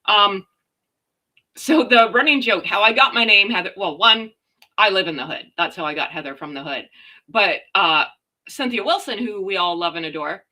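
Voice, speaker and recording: Woman, middle-aged, loud, chatty, slight stutter, bright voice, casual livestream talk. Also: mid-range voice, lively intonation, normal speed. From Canada. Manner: loud, chatty, jumps between viewers' comments. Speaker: livestream host.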